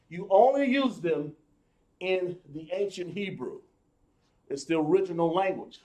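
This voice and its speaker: A man teaching a live class, explaining slowly, with many fillers and restarts. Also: high-pitched, roomy sound. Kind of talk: live online class lesson.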